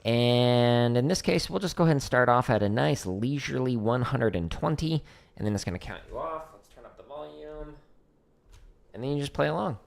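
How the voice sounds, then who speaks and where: A man's voice: mid-range voice, expressive, moderate pace, creaky. A man teaching drums on a casual livestream from home, chatty and self-deprecating. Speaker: drum teacher streaming practice. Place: home practice space.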